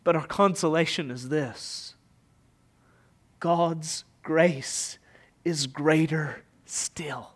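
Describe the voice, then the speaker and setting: A man preaching a sermon with passion, rising to loud emphatic peaks and falling to hushed, almost whispered lines. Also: a little high, extremely slow. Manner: impassioned preaching, swelling loud and dropping to near whisper. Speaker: pastor.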